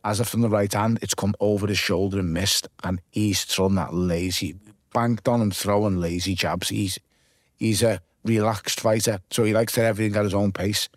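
A man's voice: on the low side, steady tone, moderate pace, no echo. A man with a Liverpool accent, a former boxer giving a casual interview and recounting his fights blow by blow, swearing freely. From Liverpool, England.

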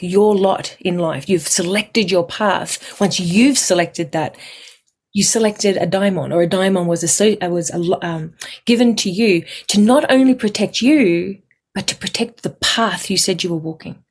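A woman, a guest telling personal stories in a chatty, animated way. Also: lowish voice, slightly rough. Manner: chatty, animated, acts out quoted voices, swears casually. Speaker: guest numerologist. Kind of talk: casual interview storytelling.

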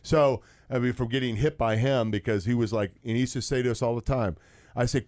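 A man's voice: mid-range voice, brisk, a little mellow, dry recording. A man who played football, chatting casually and telling rambling anecdotes with plenty of fillers. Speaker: co-host, former football player. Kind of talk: casual sports chat, storytelling.

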